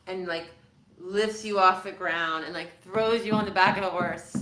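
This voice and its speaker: A woman's voice: on the low side, reverberant, background noise. A woman hosting a casual livestream, musing aloud in a rambling, self-interrupting way. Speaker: host.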